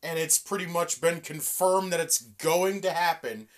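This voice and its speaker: A woman's voice: on the low side, measured pace. A woman co-hosting a casual wrestling chat, ranting with lots of swearing. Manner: profane, animated, ranting. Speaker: podcast co-host.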